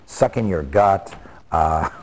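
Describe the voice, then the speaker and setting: Sitcom actor reminiscing, deep-voiced, halting delivery. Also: male voice, lively intonation, darkish tone. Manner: halting, full of fillers and restarts. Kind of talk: interview reminiscence.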